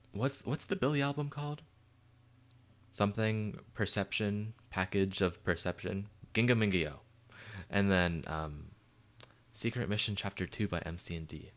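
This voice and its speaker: Low-voiced excitable chatty man. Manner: chatty, excitable fan, rambling with fillers. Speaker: livestream host answering chat questions. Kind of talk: casual chat.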